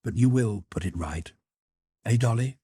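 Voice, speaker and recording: An impulsive, tearful young noblewoman, put on by a male reader in a breathy voice lifted above his deep register. She pleads and rushes in an excitable, animated lilt. The sound is dry and close. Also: no echo. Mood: excited. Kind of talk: audiobook character voice.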